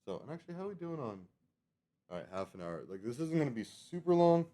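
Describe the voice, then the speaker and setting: A man's voice: a little high, big pitch swings, fast talker, mellow. A man in his thirties chatting casually on a live stream, rambling from topic to topic and correcting himself as he goes. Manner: chatty, digressive, self-correcting.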